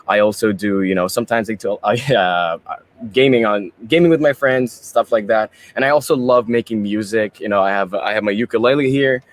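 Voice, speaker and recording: A man's voice: lowish voice, brisk. Chatty young man in an interview. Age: young adult. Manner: chatty, rambling, mixing English and Tagalog. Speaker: pageant candidate. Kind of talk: casual interview answers.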